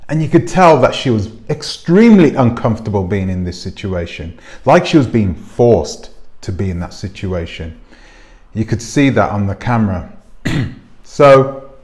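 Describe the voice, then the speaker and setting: A man hosting his own commentary channel, talking casually to camera on a clip-on mic, rambling and asking his viewers rhetorical questions. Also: mid-range voice. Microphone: clip-on microphone.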